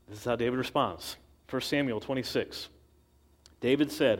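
A man's voice: medium pitch, moderate pace. Man telling a conversational sermon. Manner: conversational storytelling with acted quotes. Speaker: preacher.

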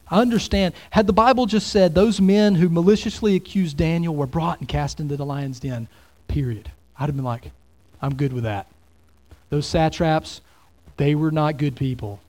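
A man's voice: on the high side, darkish tone. A man preaching a sermon as pastor, in a conversational way full of rhetorical questions.

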